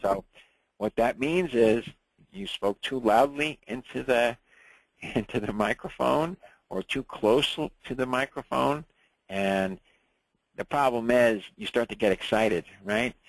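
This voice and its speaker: A man teaches a ham radio class in a loose, conversational way, checking in with his listeners as he goes. His voice has a rough, gravelly texture, and the sound is dry and close. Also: mid-range voice, takes it slowly, no echo, low-quality recording. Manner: relaxed, chatty, checks in with "right?" and "okay?".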